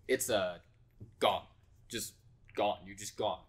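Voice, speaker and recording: A man with a somewhat low voice co-hosting a casual podcast. He talks in loose, rambling stretches, with a dry and wry sense of humor. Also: slow, heavy background noise. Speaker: podcast co-host.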